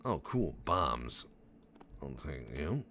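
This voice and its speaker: A man's voice: very deep voice, sing-song, slow pace, bright, forceful tone, slight background noise. A young adult man giving casual, profane, joking commentary over a game he is playing, rambling into stories. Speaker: gameplay commentator. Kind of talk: casual let's-play commentary.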